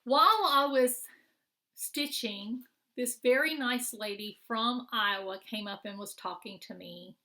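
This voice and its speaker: Middle-aged woman, bright clear voice, chatty show-and-tell, rambling with fillers. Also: fairly high pitch, measured pace. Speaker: craft vlogger. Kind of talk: casual show-and-tell chat.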